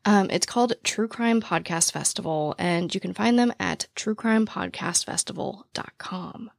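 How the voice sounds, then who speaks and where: A woman podcast host with a naturally raspy, gravelly voice, talking very fast and excitedly in casual chat, out of breath while standing at the mic. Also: mid-range voice, dry recording, studio quality. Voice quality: naturally raspy voice with vocal fry. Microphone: studio microphone, standing while recording.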